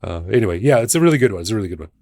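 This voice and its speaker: A man's voice: fairly low pitch, very animated, very fast, dark tone, dry recording, clean studio sound. A man from Canada co-hosting a podcast, easygoing and joking in casual chat. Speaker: podcast co-host.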